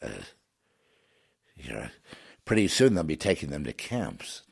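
A man's voice: extremely low pitch, very animated, a little slow, vocal fry, a little mellow, breathy edge. A man giving a ranting monologue, preachy and emphatic, rambling with many restarts and fillers.

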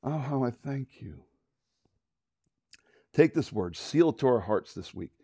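A man preaching a sermon, telling a Bible story with lively acted-out voices and closing in a hushed prayer. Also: mid-range voice, measured pace, slightly rough, dry recording, clean studio sound. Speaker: pastor.

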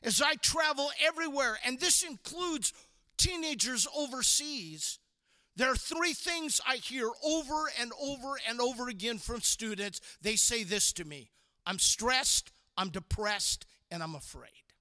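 High-voiced man giving a slow, bright chapel talk. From from the Chicago area. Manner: animated, calls out audience prompts for them to repeat. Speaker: guest youth speaker. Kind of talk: energetic chapel talk to students.

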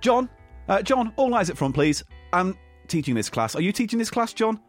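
A man's voice: high voice, very animated, normal speed, faint music behind, voice pushed up. A man doing a stern scolding teacher. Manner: scolding, lecturing. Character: stern male schoolteacher.

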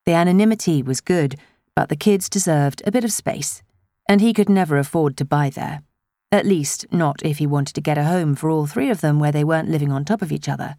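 Low-voiced woman narrating a novel. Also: no echo, clean studio sound. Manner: expressive, measured storytelling. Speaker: audiobook narrator. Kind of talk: scripted narration.

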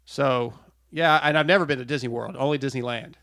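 A man's voice: medium pitch, a little fast, fairly bright tone, no echo, clean studio sound. A man hosting a casual interview, chatty and prone to stammering restarts. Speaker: podcast host. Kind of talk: casual interview over a call.

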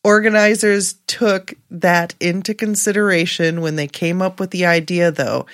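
A woman's voice: lowish voice, fairly even intonation, moderate pace. A woman co-hosting a radio show, reading out news items with dry asides. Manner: reads out items with dry asides, laughs easily. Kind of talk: radio talk show, reading stories aloud.

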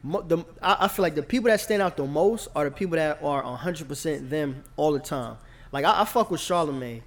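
A man's voice: on the high side, lively intonation, a little fast. A man hosting a podcast, a comedian talking in a laid-back casual way and often checking in with the listener. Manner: laid-back, repeats "you know what I'm saying". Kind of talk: casual chat.

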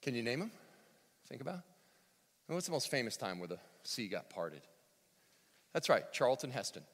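A male pastor preaching a sermon, swinging from near-shouts to hushed tones, with joking asides. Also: medium pitch, sing-song, moderate pace. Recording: long hall reverb.

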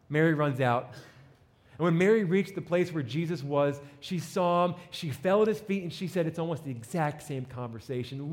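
A man's voice: on the high side, moderate pace. Impassioned male preacher in a reverberant hall. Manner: dramatic storytelling, acting out voices, swelling to emphatic peaks. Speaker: pastor. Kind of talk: sermon.

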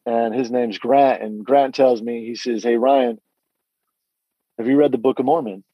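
A man's voice: mid-range voice, fairly even intonation, a little slow, no room sound, muffled recording. A middle-aged man giving a candid personal testimony, telling his story earnestly with frequent restarts and quoted dialogue.

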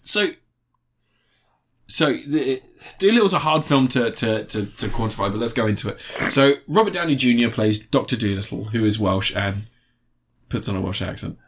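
A man's voice: medium pitch, expressive, normal speed, a bit bright. A man chatting casually on a film podcast, rambling through the plot with frequent laughs and acted-out lines. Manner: rambling, laughs often, acts out scenes in put-on voices. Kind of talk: casual film review chat.

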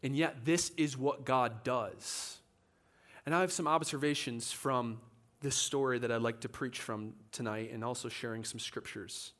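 This church preacher talks a little slowly, his voice sitting in the middle range. He animates his sermon story by playing the parts of the people he quotes.

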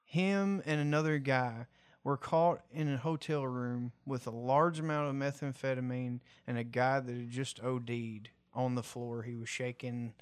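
A man's voice: mid-range voice, steady tone, unhurried, clear, resonant tone, dry recording. A man, co-hosting a casual chat show, crude, blunt and joking. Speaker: podcast co-host.

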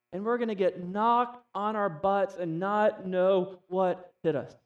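A man preaching a sermon in a relaxed, conversational way, often asking the listeners questions. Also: high-pitched, far from the mic, lo-fi sound. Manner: conversational, asks the audience questions. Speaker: pastor.

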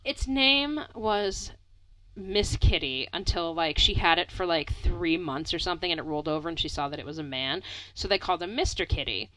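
A woman's voice: on the low side, moderate pace, poor audio. A young woman telling a rambling story in casual chat, full of "like" fillers, laughing and swearing now and then. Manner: animated, many "like" fillers, swears, laughs often.

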